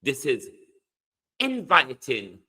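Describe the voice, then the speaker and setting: Jamaican guy ranting on his livestream, slow deliberate delivery, bright edgy tone, pitch swinging up and down. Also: wildly swooping pitch. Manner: impassioned, preachy, hammering key words, reads and answers viewer comments. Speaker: online show host. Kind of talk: political commentary livestream.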